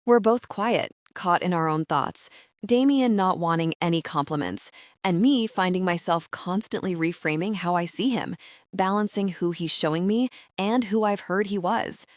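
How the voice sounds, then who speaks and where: A woman narrating a romance audiobook in the first person, soft, intimate and breathy. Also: fairly low pitch, moderate pace, no room sound, studio quality.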